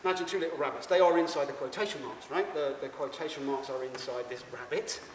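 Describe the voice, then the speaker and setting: Male stage performer, stammering absurd monologue; higher voice, distant mic, reverberant venue. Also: fast talker, noisy background. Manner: rambling, stammering, addresses the audience. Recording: echoey hall, mic far off.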